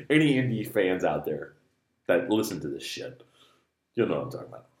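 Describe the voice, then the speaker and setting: Lively swearing male podcast host. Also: low-pitched, a little fast, long pauses. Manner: animated, swearing, joking. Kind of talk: casual chat. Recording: echoey room with faint noise.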